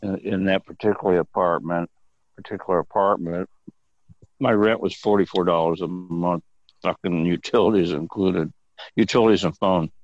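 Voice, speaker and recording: An older male guest with a very low voice tells meandering, profane stories and laughs easily as he talks. The sound is dry, with no room around him. The recording is dull and lo-fi. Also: steady tone, moderate pace, no room sound. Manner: rambling, profane, chuckling storyteller. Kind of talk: casual storytelling interview.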